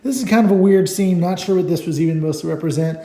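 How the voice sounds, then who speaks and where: A middle-aged man with a mellow, slightly raised voice chats through a comic book page by page, rambling and enthusiastic with plenty of ums. The sound carries a noticeable room echo. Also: high-pitched, fast. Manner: rambling, enthusiastic, many fillers. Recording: echoey room.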